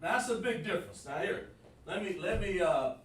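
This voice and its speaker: A man teaching a live online class, calling on students by name and sounding out syllables slowly at a whiteboard. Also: high voice, expressive, fairly bright tone, slight background noise. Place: room with a whiteboard. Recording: echoey room, voice far from the mic.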